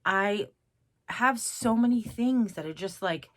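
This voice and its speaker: A woman's voice: medium pitch, takes it slowly, noisy background. A middle-aged woman talking casually to her viewers in a craft vlog, chatty, rambling and self-mocking. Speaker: craft vlogger.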